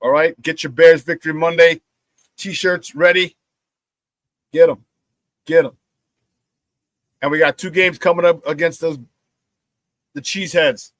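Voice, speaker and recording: A man's voice: fairly high pitch, measured pace, pauses often, no room sound. A man hosting a casual sports talk show, plugging merchandise and telling stories while acting out the quotes. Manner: animated storyteller, acts out quotes.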